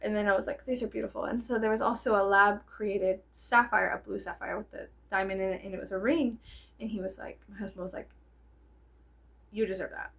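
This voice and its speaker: A young adult woman vlogger telling a casual story, animated and profane, laughing often and wandering off on tangents. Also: medium pitch, quick pace, gravelly. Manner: animated, profane, digresses with many fillers.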